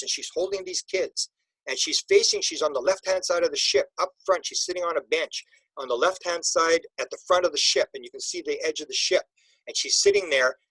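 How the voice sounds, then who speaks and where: A man, an interview guest, telling an emotional personal story in a halting way, with many restarts and repeated words. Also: a little high, a bit bright, breathy edge, no room sound, poor audio.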